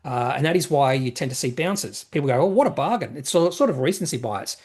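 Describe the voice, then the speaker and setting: A man's voice: mid-range voice, fairly quick. A man hosting an investing channel, answering viewer questions in a rambling, self-correcting way with plenty of fillers. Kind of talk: casual market commentary, reading viewer questions.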